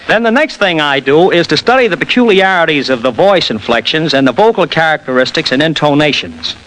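A man guests as an impressionist on a 1940s radio interview, joking as he explains his craft. His voice sits fairly high and moves in a lively way. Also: fairly quick, a little hiss or hum, poor audio. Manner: jokey, explanatory.

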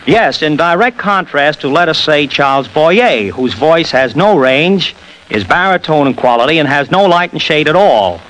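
A man guests as an impressionist on a 1940s radio interview, joking as he explains his craft. His voice sits fairly high and moves in a lively way. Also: normal speed, poor audio. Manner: jokey, explanatory.

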